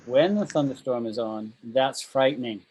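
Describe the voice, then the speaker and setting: A man's voice: mid-range voice, normal speed, a little mellow, husky, poor audio. A man teaching an online English class, patiently drilling pronunciation over a video call.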